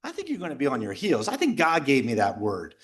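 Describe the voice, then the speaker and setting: Speaking fast in a medium pitch, a middle-aged man gives a lively storytelling talk at a men's retreat, held in a retreat house with a live audience. He tells a personal story full of jokes and animation, acting out other people's voices and shouts.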